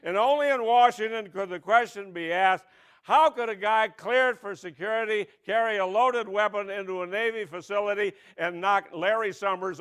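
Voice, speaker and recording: A man hosting a comic spelling bee onstage, telling jokes with a deadpan touch. His voice sits high and swings widely in pitch, and he takes his time over every line. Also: smooth. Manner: deadpan joke delivery with mock quiz announcements. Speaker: emcee and comedian. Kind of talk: stand-up comedy routine. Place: stage at a press club event.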